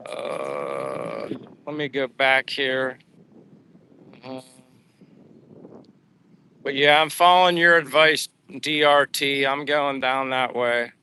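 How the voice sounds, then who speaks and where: Out on a seaside boulevard for his daily walk, an American man casually livestreams, reading viewer comments aloud with many fillers. His medium-pitched voice is very animated yet slow-paced, with frequent pauses and a sharp tone, and a little hiss or hum can be heard.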